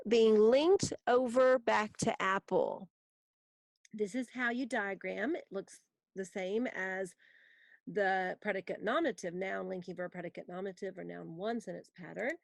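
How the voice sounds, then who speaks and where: A woman teaching a recorded grammar lesson, explaining patiently and reading example sentences slowly for students to write down. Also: medium pitch, creaky, dry recording, clean studio sound.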